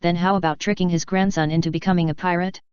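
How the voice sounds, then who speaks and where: A shrewd male pirate first mate, read by a woman in an audiobook. The voice is low-pitched and very smooth. The audio is dull and dry. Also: fairly even intonation, quick pace, darkish tone, no room sound, lightly acted. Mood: grumbling.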